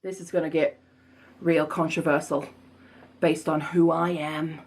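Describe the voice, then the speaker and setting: A woman book vlogger chatting casually in a put-on snobbish accent, playful and self-mocking, her pitch swooping up and down. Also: flat delivery, measured pace, a little mellow, slightly rough. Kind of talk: casual chat.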